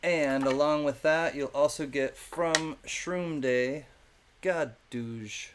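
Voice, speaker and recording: A man's voice: a little high, takes it slowly, fairly bright tone, a little hiss or hum. A man hosting a live-stream coin auction in a chatty, casual way, thanking viewers by name between calls.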